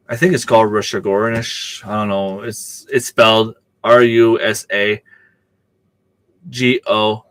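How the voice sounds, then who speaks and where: A man's voice: on the low side, a bit bright, no room sound. A man hosting a casual live stream, rambling in a chatty way and answering viewer comments as he goes.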